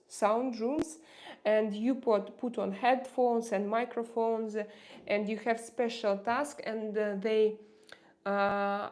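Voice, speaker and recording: Halting Russian-accented woman streamer. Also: fairly high pitch, darkish tone. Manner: halting, searches for words, frequent restarts. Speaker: livestream host. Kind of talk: casual livestream chat with viewers.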